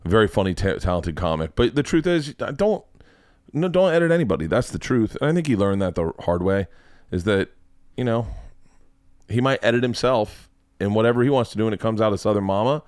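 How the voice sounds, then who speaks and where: Male podcast host, low-ish voice, rambling and profane, very dry room. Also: expressive, a little fast, darkish tone, no echo. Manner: profane, rambling, laughs often. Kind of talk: casual chat.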